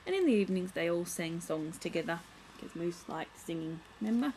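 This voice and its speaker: A woman's voice: lowish voice, animated, fairly quick, noisy background. Chatty young woman vlogger, home camera. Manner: chatty, aside-prone, playful. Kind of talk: casual show-and-tell of a picture book.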